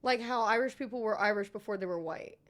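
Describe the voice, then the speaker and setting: A woman chatting casually on a live stream, excitable and quick to swear and laugh. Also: medium pitch.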